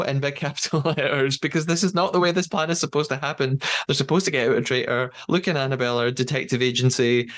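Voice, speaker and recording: Animated English man recapping a show. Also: medium pitch. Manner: animated storytelling, acts out quotes. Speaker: podcast host. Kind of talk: casual recap chat.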